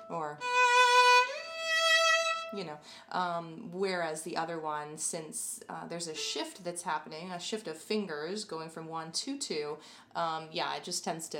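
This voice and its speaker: A woman's voice: low-pitched, a bit bright. A middle-aged woman giving a casual spoken lesson on violin technique, explaining in a conversational way with many fillers and restarts. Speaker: violin teacher.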